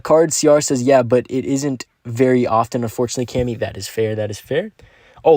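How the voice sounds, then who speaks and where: A man's voice: medium pitch, mellow, dry recording, studio quality. Laid-back young man streaming a game. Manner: laid-back, upbeat, slangy, talks to chat. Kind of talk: live-stream gameplay commentary and chat reading.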